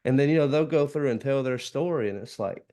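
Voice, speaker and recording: A man's voice: medium pitch, brisk, dark tone. A man with a Southern US accent hosting a casual podcast chat, talking earnestly and easily, with folksy comparisons. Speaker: podcast host.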